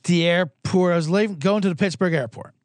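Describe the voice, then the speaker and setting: A man's voice: sits high, a little fast, no echo. A man hosting a podcast, ranting sarcastically and telling profane stories with acted-out quotes. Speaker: podcast host. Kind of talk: comedic rant.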